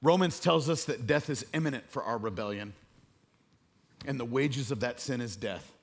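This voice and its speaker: A man preaching a sermon to a room, dropping to a hush and then rising loud and high. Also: normal speed. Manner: dramatic swings between hushed and loud, preaching to a room. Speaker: pastor.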